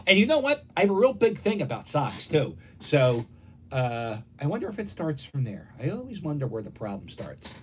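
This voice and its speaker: A middle-aged man rambles through stories at his dining room table, acting out the other voices as he goes. His pitch swings widely and sits a bit high for a man. A faint hum of room noise stays behind him. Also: huge pitch swings, normal speed, a little mellow. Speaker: live stream host. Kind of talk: casual rambling storytelling.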